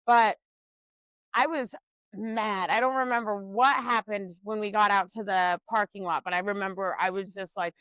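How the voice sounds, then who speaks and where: A young woman co-hosting a podcast, telling family stories in loud, profane casual chat. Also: mid-range voice, fairly even intonation, normal speed, smooth, dry recording, poor audio. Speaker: podcast co-host.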